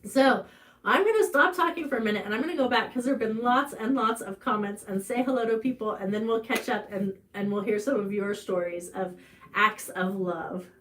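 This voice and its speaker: Talking a little fast in a bit bright voice, an Ozark-accented American woman hosts her farm channel's live stream. Her personal story comes out chatty, with fillers and restarts, and her voice climbs high when it gets emotional.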